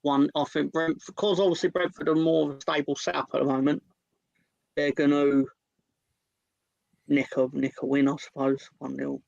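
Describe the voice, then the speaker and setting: This is a man with a gravelly, slightly high voice, talking casually about football. He hesitates and uses fillers, then speaks bluntly and swears. The sound is dry and close. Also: level tone, normal speed, long pauses, darkish tone, dry recording, muffled recording. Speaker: co-host pundit. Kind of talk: casual chat among football fans.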